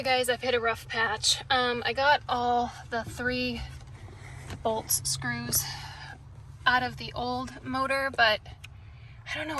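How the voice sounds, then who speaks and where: A woman's voice: high voice, pushed and bright, slight background noise. A woman talking viewers through a repair in her pickup truck in a casual how-to vlog, chatty and emotional. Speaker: DIY vlogger.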